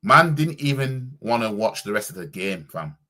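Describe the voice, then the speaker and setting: A man's voice: fairly low pitch, big pitch swings, moderate pace, pushed and bright. A man reacting casually on a stream as a football fan, with a slangy, stumbling way of talking.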